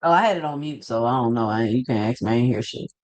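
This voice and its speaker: A woman's voice: very deep voice, very fast, darkish tone, no room sound. A woman hosting a casual boxing talk show, laid-back and direct. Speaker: host.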